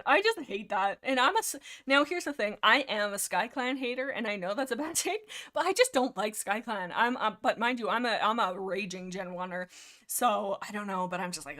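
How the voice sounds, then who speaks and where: A young woman hosting a livestream, chatting excitably about books with lots of fillers and restarts. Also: fairly high pitch, normal speed. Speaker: livestream host. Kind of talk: casual rambling book discussion.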